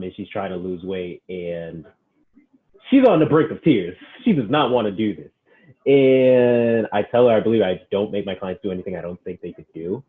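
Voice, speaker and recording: A man, a personal trainer, casually telling stories in an interview and quoting his clients with lots of "he's like.". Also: on the low side. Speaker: personal trainer, podcast guest. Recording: tinny phone-like line.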